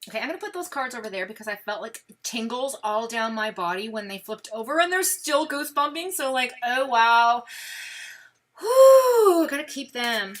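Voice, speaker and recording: A woman's voice: fairly high pitch, a little fast, few pauses. A woman with a Brooklyn accent giving a chatty live-stream tarot reading, talking straight to the viewer with plenty of fillers. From New York. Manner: chatty, animated, lots of fillers. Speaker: tarot reader.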